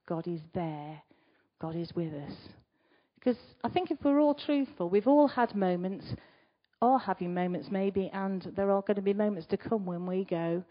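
A woman giving a conversational sermon, asking the congregation rhetorical questions and moving between loud emphasis and quiet asides. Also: mid-range voice. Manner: chatty, asks the listeners rhetorical questions. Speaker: preacher. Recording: slightly dull recording.

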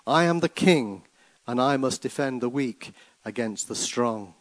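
A man voicing an enraged king who demands to know a culprit's name, shouting his lines with vehemence. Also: mid-range voice, expressive, unhurried, no room sound, lightly acted. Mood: furious. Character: furious young male king demanding justice.

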